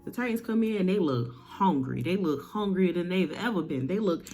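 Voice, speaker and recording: A woman with a notably low voice recaps a story for her viewers in loose, slangy talk. She is animated and colorful, tossing in swears for comic effect. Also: normal speed, slightly rough. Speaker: vlogger. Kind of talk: comedic story retelling.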